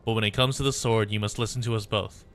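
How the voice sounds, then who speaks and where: Man reads fierce swordswoman, game story; clipped orders, forceful tone. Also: lowish voice, steady tone, fast, faint music behind. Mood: stern.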